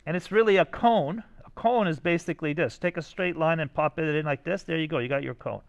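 Upbeat male design teacher, higher voice. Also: brisk, vocal fry, highs cut off. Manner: enthusiastic, talks to students directly with many "right?" checks. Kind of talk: classroom lesson reviewing student sketches.

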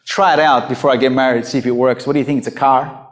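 A man's voice: mid-range voice, fairly even intonation, very fast, reverberant. A man preaching an unscripted sermon in a blunt, emphatic way, throwing out rhetorical questions.

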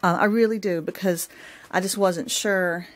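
A woman's voice: on the low side, fairly even intonation, normal speed, soft background music. A woman with a Southern accent chatting casually at home about crafts, often restarting and correcting herself. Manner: chatty, self-correcting, homey. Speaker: craft vlogger. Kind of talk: casual show-and-tell chat. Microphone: camera mic.

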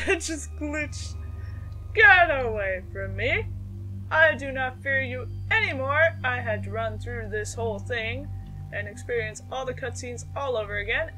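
A woman's voice: high-pitched, sharp tone. A young woman chatting casually as she plays through a horror game, reacting aloud to each action. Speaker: gameplay streamer. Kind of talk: casual let's-play commentary. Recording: faint game music behind her.

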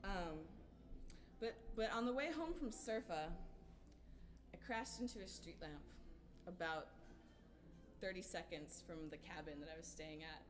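A woman singer-songwriter at a small hotel-room showcase, telling an animated, dramatic story to the audience between songs and laughing at herself. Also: on the low side, unhurried. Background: guitar playing.

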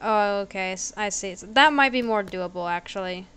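A woman's voice: mid-range voice, normal speed, fairly bright tone, clean tone. A woman giving chatty, giggly, self-deprecating commentary as she plays a computer game at home. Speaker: gaming video creator.

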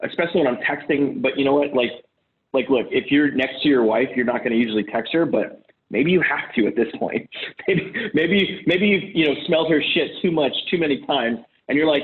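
A middle-aged man talks bluntly and swears freely as he coaches other men on arguments at home, slipping into heated quoted voices. His voice sits a little high for a man. The sound is thin and tinny, like it comes over a phone line. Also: moderate pace. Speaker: relationship coach. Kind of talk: casual advice talk.

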